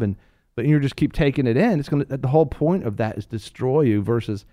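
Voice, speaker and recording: A man co-hosting a faith talk show, rambling along with jokes and constant restarts. His voice sits at an everyday middle pitch and sounds dry, with no room echo. He tells his stories with animated energy. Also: fast. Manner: rambling, jokey, many fillers and restarts; animated storytelling. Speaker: co-host. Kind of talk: Christian talk show chat.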